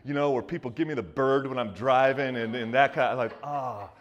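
A man's voice: medium pitch, steady tone, a little fast, dull audio. A man in his fifties from the US Northeast, preaching a sermon in a loose, joking, conversational way with many restarts and asides. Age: 50s. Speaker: pastor.

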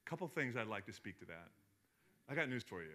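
A man preaching a sermon as pastor, animated, dropping to a hush and then building up loud, often repeating his words. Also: fairly low pitch, fast talker. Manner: animated, swings from hushed to loud, repeats himself.

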